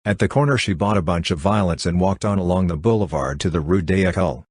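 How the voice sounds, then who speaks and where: A man reads a novel aloud at a steady, even pace. His voice is deep and a little husky. The recording is close and dry, with no room sound. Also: fast, dry recording. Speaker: audiobook narrator. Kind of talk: scripted narration.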